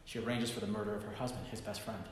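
A pastor preaching a sermon, telling a story dramatically and swinging from hushed tones to loud bursts. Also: male voice, lowish voice, steady tone, racing, slight background noise. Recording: very echoey hall reverb.

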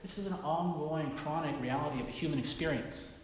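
A pastor preaching a sermon, telling a story dramatically and swinging from hushed tones to loud bursts. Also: male voice, on the high side, brisk. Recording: very echoey hall reverb.

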